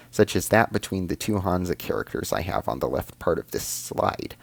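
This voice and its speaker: Host, male, very low pitch, careful scripted lesson narration, dry studio read. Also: gravelly, darkish tone, no echo. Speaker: video essay host.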